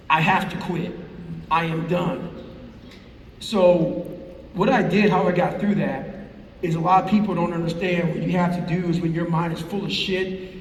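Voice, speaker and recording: A man's voice: high-pitched, slight background noise. A middle-aged man telling a profane, intense story to a live audience as a motivational speaker. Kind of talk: live storytelling talk on stage. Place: large hall with a live crowd. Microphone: stage speech heard from the crowd on a fan's camera. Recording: roomy, far-off hall recording from the crowd.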